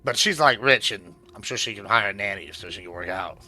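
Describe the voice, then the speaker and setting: A man's voice: fairly low pitch, brisk, bright, forceful tone, soft background music. A man streaming a game, chatting casually in a rambling, crude way with plenty of swearing and fillers. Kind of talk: casual chat while gaming.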